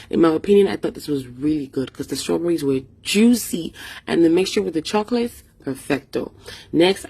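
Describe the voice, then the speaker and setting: A Nigerian woman with a Nigerian accent and a low, husky voice gives a casual vlog voice-over. She is playful and chatty, pokes fun at herself and drifts into pidgin phrases. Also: mellow. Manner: playful, chatty, self-mocking, slips into pidgin. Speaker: food vlogger.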